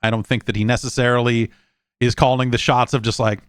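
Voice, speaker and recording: A man's voice: medium pitch, flat delivery, brisk, smooth, no echo, studio quality. A man hosting a podcast in a casual, wry, rambling chat full of fillers and restarts. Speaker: podcast host.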